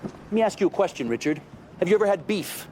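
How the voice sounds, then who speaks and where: A man's voice: high-pitched, lively intonation, fast, a little mellow, slight background noise. An actor playing an agitated man who swears and bluntly asks about fights.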